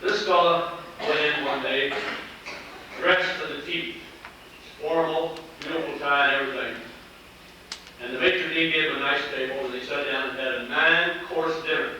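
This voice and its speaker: A man's voice: on the high side, bright, forceful tone, a little hiss or hum. A middle-aged man giving a motivational speech at a company meeting, a folksy storyteller who mixes jokes with earnest encouragement. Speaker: sales executive speaking at a company meeting. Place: large meeting hall. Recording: echoey hall, heard from a distance.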